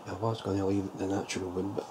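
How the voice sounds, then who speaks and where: Deep-voiced and flat, this man talks fast as he shows off his homemade model trailer build in a casual show-and-tell vlog. He thinks aloud with loose restarts, and clear background ambience noise is in the recording.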